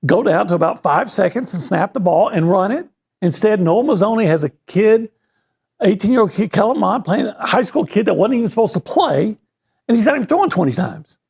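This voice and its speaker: A man with an East Texas accent co-hosting a sports talk show, speaking in a halting, wry way. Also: high-pitched, expressive, gravelly, a little mellow, husky. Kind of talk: casual sports radio chat.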